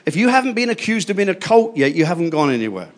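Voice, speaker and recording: An older man preaching a fervent sermon, swinging between hushed asides and loud declarations. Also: high-pitched, very animated, fast talker.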